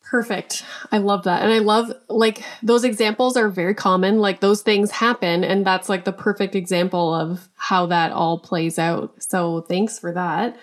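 Woman, podcast host, casual, chatty, mid-pitch voice. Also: fairly even intonation, a little slow, few pauses. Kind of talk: casual interview.

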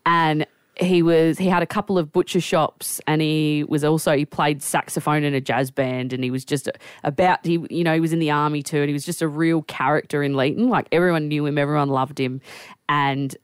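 Lively Australian woman telling a story. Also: sits low, brisk, clean tone, no echo, studio quality. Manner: animated storyteller, laughs a lot, does voices for quoted people. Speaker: radio co-host. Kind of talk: casual storytelling chat.

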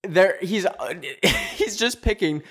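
A young man hosting a podcast, ranting casually with a lot of swearing and sarcasm, his voice leaping up in pitch when he stresses a point. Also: slow. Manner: animated, profane, sarcastic, pitch leaping up on emphasis. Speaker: podcast host.

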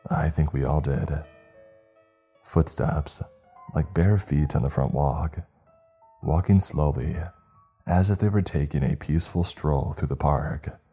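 Male horror narrator: extremely deep, dark, husky, measured and suspenseful, soft music bed. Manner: measured, suspenseful first-person telling.

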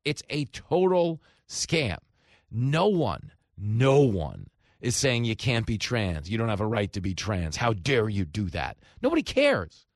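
A man, hosting a talk radio show with animated, sarcastic commentary. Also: on the low side, measured pace, no echo, clean studio sound. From New York.

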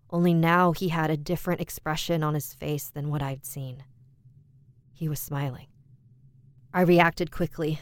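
A woman with a deep, smooth voice reads a scary story aloud in the first person. Her telling is steady and measured, and the recording is close and dry with no room sound. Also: no room sound. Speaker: horror story narrator. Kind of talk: scripted first-person horror narration.

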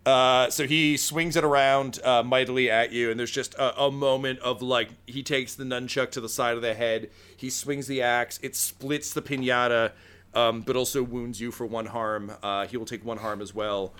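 A man's voice: mid-range voice, fairly even intonation, moderate pace, fairly bright tone, clean tone. A man running a tabletop role-playing game, narrating loosely with jokes and fillers. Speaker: game master.

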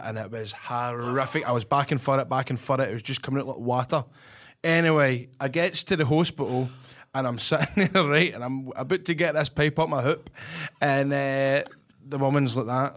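Scottish man telling a bawdy story. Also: medium pitch. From Scotland. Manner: banter, broad slang, laughing. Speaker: podcast co-host, wrestler. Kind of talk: casual chat, storytelling.

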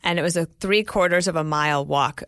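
Bright-voiced woman host chatting. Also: low-pitched, a little fast, no echo, clean studio sound. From rural area. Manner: friendly, chatty, tells jokes and childhood stories. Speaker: podcast host. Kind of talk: casual interview chat.

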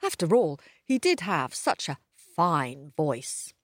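A woman's voice: low voice, sing-song, takes it slowly, no room sound, studio quality. A woman telling a children's story aloud and inviting young listeners to join in the animal noises.

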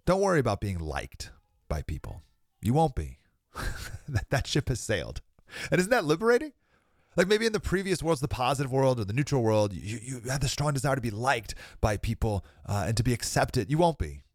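Earnest man preaching with lively pitch. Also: brisk, no echo, studio quality. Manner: earnest, emphatic, laughs between points. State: slightly sick with a cold. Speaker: podcast host. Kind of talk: preaching monologue.

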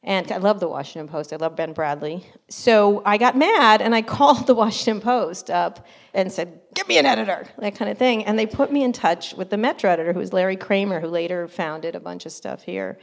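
Animated woman telling stories with laughs. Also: mid-range voice, fairly quick, creaky. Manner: animated, laughing asides, acts out quotes. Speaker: interview guest, journalist. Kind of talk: casual storytelling interview.

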